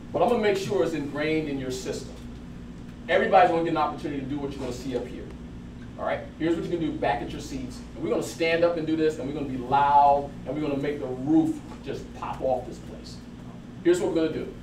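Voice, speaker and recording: A man giving a lively motivational talk to a live audience, telling stories and laughing as he goes. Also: fairly high pitch, fast, background noise. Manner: animated, laughing storyteller. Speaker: motivational speaker. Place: event hall with audience. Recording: roomy, distant mic with crowd.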